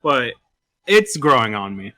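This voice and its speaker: A man's voice: medium pitch, big pitch swings, unhurried, sharp tone, dry recording. A man on a podcast speaking bluntly and insistently, with some cursing. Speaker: podcast co-host. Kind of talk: casual podcast chat.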